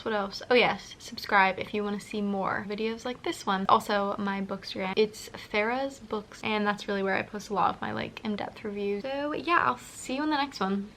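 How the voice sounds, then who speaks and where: A young woman recording a casual book vlog in her bedroom, chatty and emotional, going from hushed to excited. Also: medium pitch. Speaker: book vlogger.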